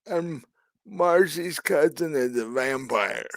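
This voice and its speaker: Slow, halting man running a game. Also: on the high side, dry recording. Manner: hesitant, many ums and restarts. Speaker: game master. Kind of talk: narrating a tabletop game.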